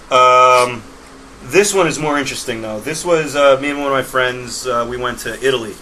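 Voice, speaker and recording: A man's voice: medium pitch, normal speed, sharp tone, a little hiss or hum, low-quality recording. A man chatting casually as a podcast guest, telling loose, laugh-filled stories about his travels. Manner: laughing, rambling storyteller. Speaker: guest, sign maker. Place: podcast studio.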